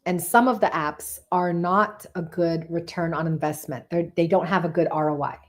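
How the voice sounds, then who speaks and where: A woman with a slightly low voice hosts a live tarot reading. She talks to her viewers in a chatty, enthusiastic way and repeats phrases for emphasis. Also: fairly even intonation, normal speed. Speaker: tarot reader and live-stream host.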